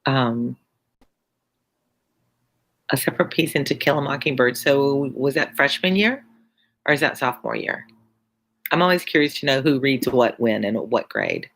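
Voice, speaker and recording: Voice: mid-range voice, big pitch swings, normal speed, creaky, long pauses, fairly bright tone, poor audio. A teacher reading a novel aloud on a live stream, breaking off for chatty asides to viewers. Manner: chatty asides between passages.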